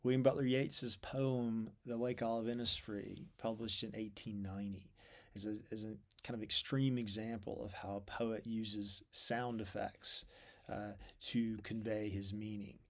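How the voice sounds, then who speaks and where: A man explaining poetry in a measured, thoughtful way, with fillers and repeated words. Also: fairly low pitch, flat delivery. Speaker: literature lecturer.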